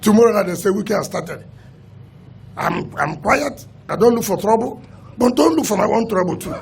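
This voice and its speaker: Nigerian politician, high gravelly voice, combative and emphatic on-the-record statement. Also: male voice, expressive, a little fast. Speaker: state governor and party leader. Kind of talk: press statement.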